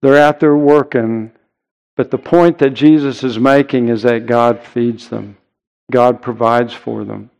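A man preaching a sermon in an earnest, emphatic way, with deliberate pauses. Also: mid-range voice, fairly even intonation, creaky, darkish tone. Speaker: pastor.

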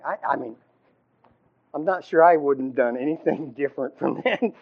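A man teaching from the Bible in an informal sermon, halting with fillers and restarts and often clearing his throat. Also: medium pitch. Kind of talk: conversational sermon. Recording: dull lo-fi recording.

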